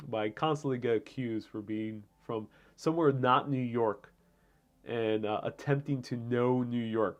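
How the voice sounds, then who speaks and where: A man hosting a live stream from home, chatting casually and answering viewer comments in a rambling way, with frequent fillers and restarts. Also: medium pitch. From Puerto Rico.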